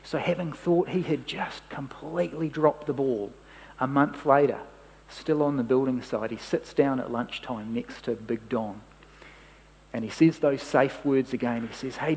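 A man preaching, his voice a little husky. He tells a story from the pulpit and drops softly into quoted lines. His words ring out with a long reverb through a large hall. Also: medium pitch. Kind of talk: sermon storytelling.

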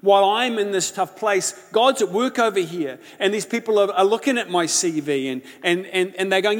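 A man preaching a sermon, telling a personal story with passion, swinging between loud outbursts and hushed prayer. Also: sits high, moderate pace, few pauses. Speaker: pastor. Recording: long hall reverb.

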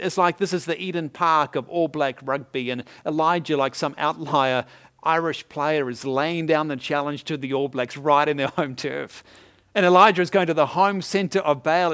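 A pastor delivers a sermon in a storyteller's manner. His voice sits a bit high for a man, and he breaks into chuckles and asides to the congregation as he goes. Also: normal speed, a bit bright.

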